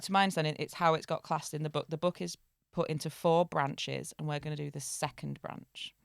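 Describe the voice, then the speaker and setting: A woman's voice: low-pitched, steady tone, brisk, vocal fry, no echo, studio quality. A woman co-hosting a podcast, chatting casually, laughing often and stumbling over hard names while retelling an old tale. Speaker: podcast co-host. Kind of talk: casual chat and storytelling.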